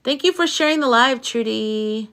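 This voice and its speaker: A woman's voice: on the high side, normal speed, fairly bright tone. A woman hosting a casual livestream, reading viewer comments aloud and reacting to them, sounding tired. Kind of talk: casual live-stream chat.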